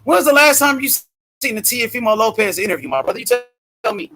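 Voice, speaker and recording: Male host, strikingly high voice, brash trash-talking streamer. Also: expressive, a little fast. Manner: loud, profane trash talk. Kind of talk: casual boxing talk stream.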